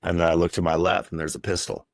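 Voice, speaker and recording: Gravelly low-voiced man telling his story. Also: level tone, fast talker, dry recording. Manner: heavy swearing, raw and emotional. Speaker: podcast guest. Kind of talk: candid personal storytelling.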